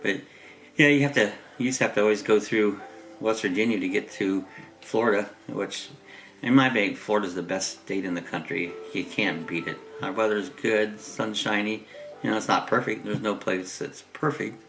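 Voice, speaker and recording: Gravelly low-voiced man with a chest cold. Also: moderate pace, a bit bright, low-quality recording. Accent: Southern Ohio. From Ohio. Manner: rambling, easygoing, chuckles often. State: chest congestion. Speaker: host. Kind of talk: casual morning chat.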